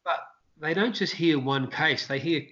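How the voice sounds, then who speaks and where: Guy telling busking stories, bit high voice, does the voices, dull lo-fi sound. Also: unhurried. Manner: animated storyteller, acts out quotes in high shouts. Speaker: interview guest, street performer. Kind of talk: casual storytelling interview.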